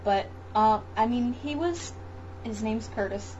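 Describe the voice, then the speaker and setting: A woman's voice: a little high, lively intonation, unhurried, a little mellow, dull audio, slight background noise. A woman recounting her birth experiences in a casual interview, talking loosely with many fillers and restarts. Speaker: interview guest, mother. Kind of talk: casual chat, birth story.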